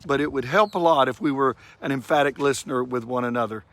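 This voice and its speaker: A middle-aged man giving a short devotional talk, unhurried, stretching key phrases for emphasis. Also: medium pitch, a bit bright. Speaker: devotional speaker.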